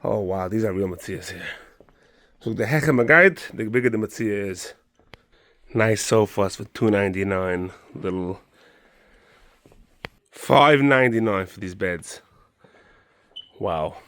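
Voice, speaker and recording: Eager man pitching a furniture sale. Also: a little slow, pauses often, fairly bright tone, dry recording. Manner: enthusiastic, repeats "beautiful", mixes in Yiddish words. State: out of breath on the stairs. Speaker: show host doing a store promotion. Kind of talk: walkthrough sales pitch. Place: furniture showroom, indoors.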